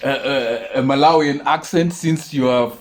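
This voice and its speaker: A man hosting an interview, asking his questions in a measured, inquisitive way. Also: medium pitch, slight background noise. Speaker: interview host.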